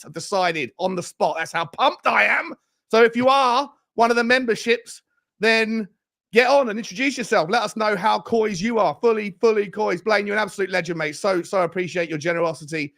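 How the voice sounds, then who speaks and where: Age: adult. Sex: man. Role: livestream fan show host. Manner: excitable, hyped, slangy. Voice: high, gravelly. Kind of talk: livestream chat reading super chats.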